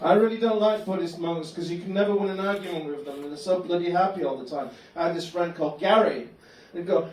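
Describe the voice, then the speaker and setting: Deadpan and fast-talking, this male comic rattles off absurd stories with hardly any pauses. His fairly high voice echoes through a spacious comedy club bar room, picked up by a far-off microphone.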